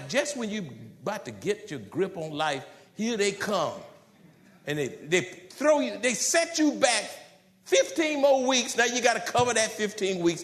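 A male pastor preaching a sermon in an animated way, repeating himself and jumping up in pitch, then dropping into soft, low asides. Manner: animated preaching with repetitions and sudden pitch jumps.

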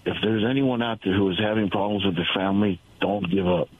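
A man's voice: fairly low pitch, quick pace. Earnest man calling in on phone. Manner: earnest, repeats words, tearful at moments. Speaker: caller. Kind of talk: call-in testimony. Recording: tinny phone line.

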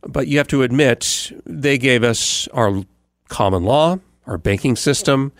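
A man's voice: mid-range voice, unhurried, dry recording. A man who hosts a morning radio show, giving a casual rambling recap with many fillers and restarts. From United States. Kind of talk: casual podcast recap monologue.

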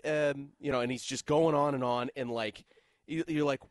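A man's voice: medium pitch, measured pace, dry recording, studio quality. A man co-hosting a sports talk radio show, telling stories with laughs and rambling asides. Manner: animated, laughing, rambling storyteller. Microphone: studio broadcast mic.

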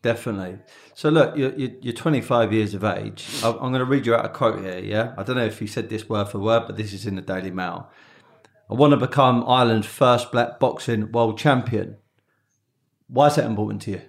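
A man's voice: lowish voice, fast, vocal fry. Chatty male podcast interviewer. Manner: chatty, anecdotal questioning. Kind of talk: conversational interview.

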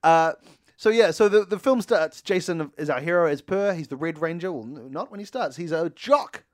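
A man's voice: on the high side, animated, normal speed. A man, co-hosting a casual chat and telling stories with lots of laughter. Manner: playful, laughing storyteller. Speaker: podcast co-host.

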